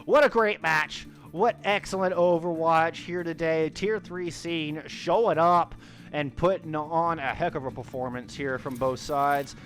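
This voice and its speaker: A man casting live esports play-by-play, rapid and rising to shouts at big plays. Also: on the high side.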